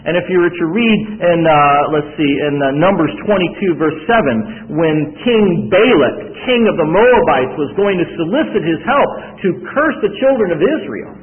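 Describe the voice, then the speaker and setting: A man's voice: fairly high pitch, lively intonation, moderate pace, few pauses. A man with a Southern US accent preaching a sermon, telling stories animatedly with frequent restarts. The voice is echoey and tinny. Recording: echoey hall, tinny phone-like sound.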